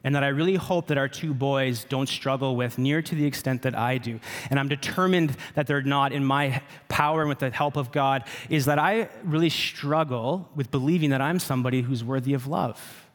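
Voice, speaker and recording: Earnest pastor preaching in a reverberant hall. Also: male voice, medium pitch, moderate pace, hardly any pauses. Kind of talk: sermon. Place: church sanctuary.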